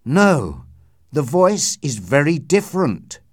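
A formal, questioning Victorian gentleman lawyer, put on by a male storyteller, pitched up and pushed louder than the narration. He presses with questions in a dry, close sound. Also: sing-song, takes it slowly, slightly rough, no room sound, exaggerated voice. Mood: grave. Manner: formal, questioning, grows alarmed.

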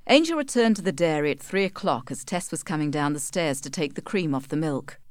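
A woman reading a storybook aloud, clear and expressive. Her voice sits low but moves freely. The recording is close and dry. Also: a little fast, no echo. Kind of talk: storybook narration.

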